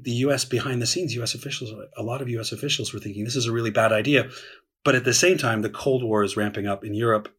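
A man's voice: lowish voice, fairly bright tone, slightly rough. A man in a conversational discussion, explaining at length, often restarting sentences and using fillers. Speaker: historian guest.

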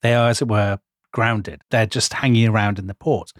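A man's voice: fairly low pitch, steady tone, dry recording, clean studio sound. Teasing man co-hosting a history chat. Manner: teasing, anecdotal, quick with asides. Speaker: podcast co-host. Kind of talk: casual history podcast chat.

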